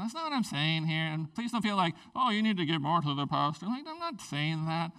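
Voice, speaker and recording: A man, a pastor, preaching a sermon in a church, swinging between loud, animated bursts and quiet asides with a playful tone. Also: sits high, a little fast, far from the mic. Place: church sanctuary.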